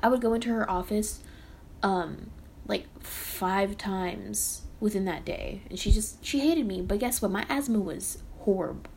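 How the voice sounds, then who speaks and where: A young woman ranting casually as a podcast host, rambling and animated, often sighing and cutting herself off. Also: medium pitch, a little slow, gravelly, slight background noise. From Texas. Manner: rambling and animated, with sighs and self-interruptions. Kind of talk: casual rant.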